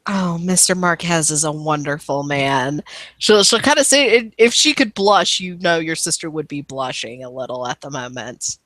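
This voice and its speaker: A woman's voice: low-pitched, moderate pace, fairly bright tone, no echo. Woman, game master, casual rambling narration, dry recording. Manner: casual, rambling with many fillers. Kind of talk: narrating a tabletop role-playing game.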